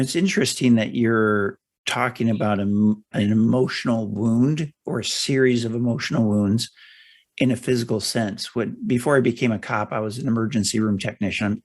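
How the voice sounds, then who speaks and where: A middle-aged man hosting an interview podcast, explaining ideas in a measured, thorough way. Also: lowish voice. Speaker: podcast host. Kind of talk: interview conversation.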